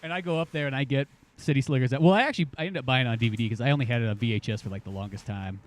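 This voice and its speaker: A man's voice: mid-range voice, racing, slight background noise. A man co-hosting a podcast in casual chat, telling stories and acting out the lines he quotes. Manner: animated storyteller, acts out quoted lines. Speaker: podcast co-host.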